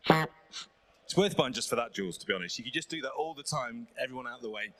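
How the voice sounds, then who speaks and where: A man's voice: medium pitch, animated, fast talker, a bit bright. A man presenting a classic car at an auction, enthusiastic and joking.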